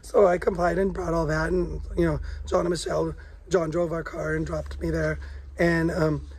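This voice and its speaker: A middle-aged man with a hoarse, gravelly voice worn rough from days of coughing. He chats easily on a vlog and laughs often, his voice sitting a little high for a man. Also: little pitch movement, moderate pace, a little mellow. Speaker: vlog co-host. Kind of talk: casual chat.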